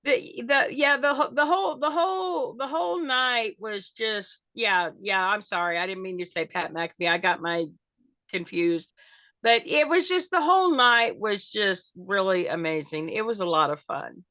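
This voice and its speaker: Bright-voiced older woman, rambling chat. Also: mid-range voice, lively intonation, normal speed, no echo. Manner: rambling with many fillers and restarts. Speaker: guest. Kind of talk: casual interview chat.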